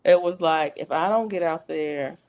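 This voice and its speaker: A woman's voice: deep voice, moderate pace, darkish tone. A middle-aged woman hosting a casual livestream, chatting and laughing often as she reads viewer comments aloud. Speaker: livestream host. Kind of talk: casual live-stream chat.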